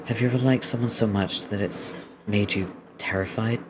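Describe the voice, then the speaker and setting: A soft, hesitant young neighbor sniffling through a phone call home, as a man reads the part aloud. The voice stays hushed, with a fairly low pitch and a faint hum of room sound behind it. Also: fairly even intonation, moderate pace, close to an everyday voice. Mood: tearful, hushed. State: sniffling after crying. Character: tearful young neighbor phoning their mother.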